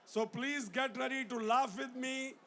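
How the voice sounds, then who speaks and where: Man leading laughter yoga outdoors, very high voice, gravelly, bright, shouting. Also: steady tone, measured pace, a little hiss or hum. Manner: shouting, bursts of hearty laughter. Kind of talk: leading a crowd in laughter exercises. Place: outdoor event in a city square.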